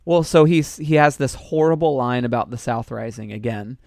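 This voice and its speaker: A man's voice: medium pitch, moderate pace, vocal fry, a little mellow, no echo, studio quality. A man co-hosting a podcast, recapping a TV episode in casual chat with wry asides. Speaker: podcast co-host.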